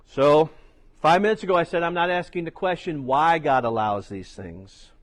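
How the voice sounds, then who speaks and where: A man's voice: on the high side, moderate pace. A middle-aged man preaching a sermon as pastor, telling stories with chatty asides. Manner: storytelling, conversational asides.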